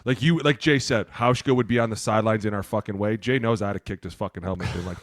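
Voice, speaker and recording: A man from Ohio, a former offensive lineman co-hosting a podcast, telling profane, animated locker-room stories. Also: fairly low pitch, fast, hardly any pauses, no echo, clean studio sound. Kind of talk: casual chat.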